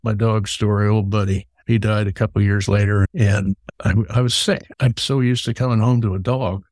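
A man's voice: on the low side, steady tone, normal speed, a little mellow, no room sound, studio quality. A middle-aged man hosting an interview who tells long stories and repeats words as he starts his sentences. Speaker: podcast host. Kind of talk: conversational storytelling.

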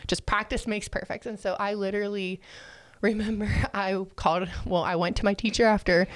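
A young woman telling a personal story in casual chat, animated and laughing often as she acts out what people said. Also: medium pitch, fairly quick, no echo.

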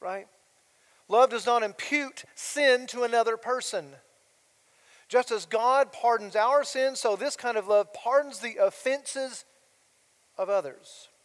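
A middle-aged pastor with an extremely high-pitched voice preaches slowly in a church sanctuary. He keeps it conversational with plenty of asides and rhetorical questions, and the long hall reverb of the church carries his words.

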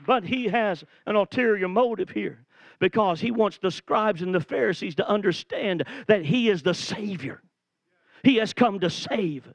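A man with a notably high voice delivers a lively sermon. He retells a Bible story with animated storytelling and swells to shouts at its peaks. The sound is close and dry. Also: unhurried, gravelly, no room sound. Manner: animated storytelling, acts out quotes, rises to shouts. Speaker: preacher.

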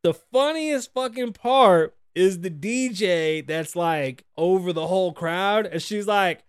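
A man hosting a podcast, talking casually and animatedly, swearing a lot and acting out quotes in loud bursts from a studio. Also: sits high, slow pace, hardly any pauses, clean tone, no room sound. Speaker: podcast host. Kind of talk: casual profane talk-show rant.

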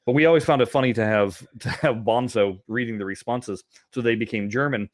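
A man's voice: mid-range voice, a little fast. A man hosting a podcast in casual, self-mocking chat, laughing often at himself. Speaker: podcast host.

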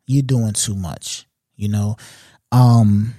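A man's voice: lowish voice, steady tone, slow pace, dark tone, no room sound, clean studio sound. A man hosting a podcast in casual commentary, talking in loose profane slang and checking in with the listener often. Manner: loose, profane street slang, frequent "you know what I'm saying". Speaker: podcast host.

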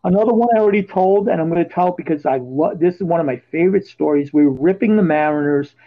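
A man hosting a podcast, telling casual stories and getting loud and animated when he quotes his own yelling. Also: fairly high pitch, fast talker. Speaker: podcast host. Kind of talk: casual storytelling chat. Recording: dull lo-fi podcast audio.

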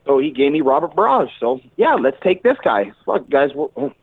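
A man telling a story as a boxer guest in a casual interview, animated and swearing freely. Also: mid-range voice, normal speed, breathy edge. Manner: animated, swears, acts out quotes. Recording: tinny phone-like line, dry.

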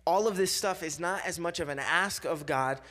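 Chatty young preacher with higher voice. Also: male voice, moderate pace, pushed and bright. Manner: conversational, full of fillers and repeats, acts out quoted voices. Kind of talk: casual sermon.

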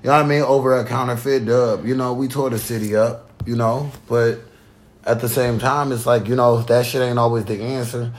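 A young man in casual chat, loose and animated, telling stories full of slang. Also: mid-range voice, a little fast, a little hiss or hum.

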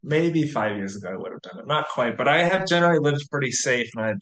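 A man in his thirties from the US, relaxed and chatty as an interview guest, full of "you know"s. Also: medium pitch, fast, roomy sound. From US, near Atlanta. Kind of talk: casual interview.

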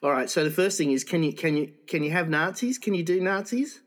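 Aussie guy, swears a lot, rambly and incredulous, slightly high voice. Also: expressive, fairly quick. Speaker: co-host. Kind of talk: comedic podcast banter.

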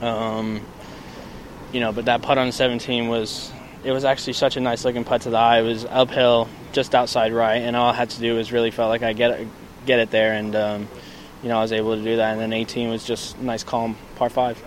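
A male pro golfer from England giving a soft-spoken post-round interview outdoors, full of "you know" and "um". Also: medium pitch, little pitch movement, a little fast, slight background noise. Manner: soft-spoken, lots of fillers.

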